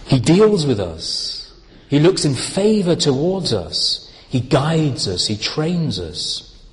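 A man preaching a sermon, explaining Bible words in a slow, deliberate, emphatic way. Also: fairly high pitch, big pitch swings, in a large hall.

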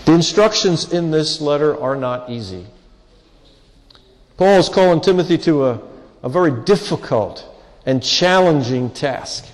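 A man preaching a sermon with earnest, pleading emphasis and drawn-out pauses. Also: a little high, expressive. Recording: long hall reverb.

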